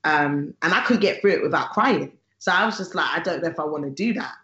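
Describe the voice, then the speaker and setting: A gospel singer tells a story in a casual conversation. The singer is lively and animated, acting out the voices of the people in the story. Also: medium pitch, fast. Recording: roomy, slightly dull sound.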